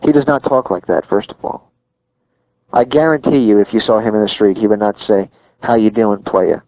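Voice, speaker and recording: A man's voice: fairly low pitch, fairly quick, no room sound. Opinionated man on a dull, dry recording. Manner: opinionated, emphatic. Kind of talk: casual wrestling chat.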